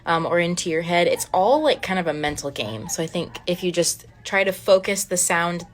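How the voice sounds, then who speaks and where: A woman's voice: on the low side, animated, moderate pace. A woman singer answering fan questions in casual chat on a phone live stream. She laughs often, restarts phrases and trails off.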